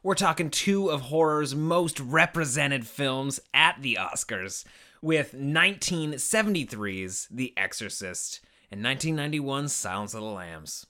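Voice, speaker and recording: A man's voice: medium pitch, expressive, a little slow, bright, forceful tone. A young adult man co-hosting a podcast, easygoing and enthusiastic in casual chat. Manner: enthusiastic, easygoing, trails off in restarts. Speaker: podcast co-host.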